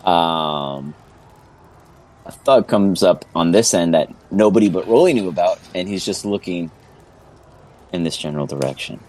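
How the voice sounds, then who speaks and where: A man's voice: low voice, normal speed, long pauses, a little mellow. A man narrating a tabletop game as game master in a loose, rambling way with lots of fillers.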